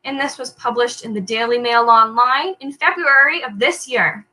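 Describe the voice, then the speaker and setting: A young Canadian woman hosts a trivia quiz, reading headlines aloud in an upbeat way and joking lightly when she slips. Her voice is a little high and sharp-toned at a moderate pace, on a low-quality recording.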